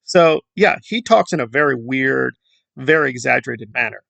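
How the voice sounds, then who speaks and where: Gravelly sarcastic man ranting. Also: medium pitch, expressive, normal speed, fairly bright tone, no echo. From Central America. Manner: sarcastic, rambling, mocking asides. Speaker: commentary YouTuber. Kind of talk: casual commentary monologue.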